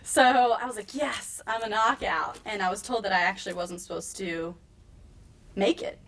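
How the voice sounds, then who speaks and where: A woman in her thirties, a wrestler, telling her story in a casual interview and acting out quotes with lively jumps in her voice. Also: a little fast. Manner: animated, acts out quotes with big pitch jumps. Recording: slightly distant mic, faint room noise.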